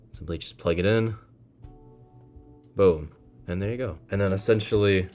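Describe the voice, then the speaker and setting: A man casually reviewing a model kit, playful and self-deprecating, with frequent excited exclamations. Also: on the low side. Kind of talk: casual hands-on product review.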